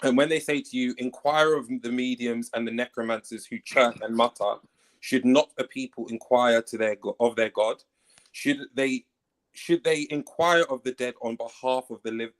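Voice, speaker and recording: A man argues his point on a live online panel and reads long scripture passages aloud. His voice sits at an ordinary middle pitch. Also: steady tone, normal speed, rough recording. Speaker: panel debater. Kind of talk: casual online debate.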